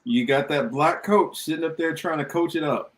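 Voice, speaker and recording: A man's voice: a little high, normal speed, a loud crowd. A man co-hosting a podcast, giving joking, profane running commentary on video clips. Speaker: podcast co-host.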